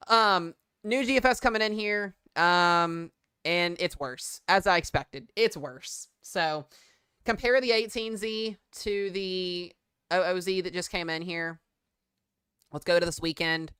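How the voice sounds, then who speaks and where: A man's voice: high-pitched, measured pace, pushed and bright, smooth, no room sound. Rambling jokey man with a dry voice. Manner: rambling and jokey, with filler words. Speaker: weather streamer. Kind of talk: casual live weather-stream commentary.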